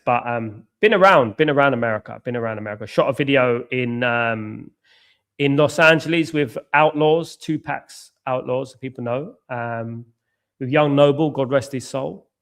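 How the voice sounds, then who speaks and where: A man's voice: medium pitch, moderate pace, a bit bright. An English man with an English accent hosting a live football watchalong, chatting casually to viewers in a rambling way, with lots of ums and repeated phrases. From England. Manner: rambling, repeats himself, many fillers and restarts. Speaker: watchalong host. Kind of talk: casual live chat reacting to a match and reading comments.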